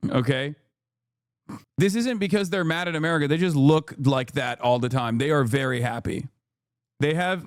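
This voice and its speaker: Male streamer host, high voice, incredulous, swears freely, close dry sound. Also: dry recording. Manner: incredulous, profane, fast riffing. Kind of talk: live-stream reaction commentary.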